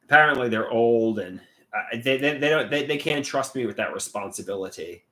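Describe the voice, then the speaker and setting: A man hosting a casual livestream and reading out chat comments. He talks haltingly, with restarts, and sounds frustrated and glum. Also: medium pitch, pushed and bright. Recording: echoey room.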